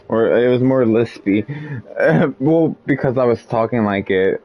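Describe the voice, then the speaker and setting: A man's voice: mid-range voice, unhurried. A young man streaming a game, chatting casually and rambling about his day. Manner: rambling, relaxed, chuckling. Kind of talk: casual gameplay chat. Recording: dull lo-fi mic with faint game music.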